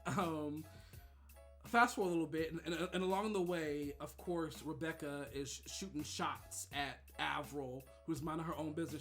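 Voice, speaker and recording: Man, bright forceful voice, gossipy storytelling, faint music behind. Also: fairly high pitch, moderate pace. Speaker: streamer. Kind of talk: casual storytelling stream.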